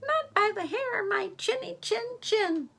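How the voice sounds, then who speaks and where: A woman voicing a small, defiant little pig in a storybook reading, in a very high squeak. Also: expressive, a little slow, creaky, fairly bright tone, a little hiss or hum, exaggerated voice.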